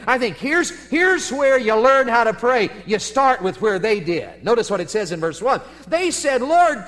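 Male revival preacher, high voice, folksy and animated, long church reverb. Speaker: evangelist preacher. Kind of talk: revival sermon with storytelling. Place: church sanctuary.

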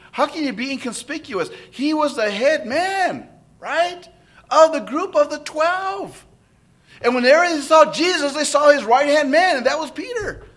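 A man's voice: extremely high pitch, a bit bright. A man preaching an expository sermon, often checking in with listeners through tag questions.

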